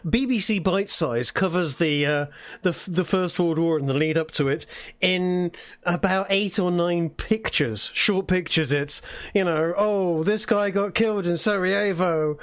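A man in casual podcast chat, talking in an animated way and repeating his words as he builds up to a point. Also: a little high, unhurried.

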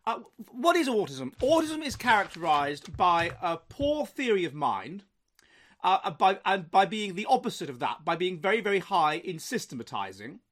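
A man's voice: high-pitched, very animated, normal speed, fairly bright tone. A man hosting his own commentary vlog, lecturing emphatically with frequent restarts. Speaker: host.

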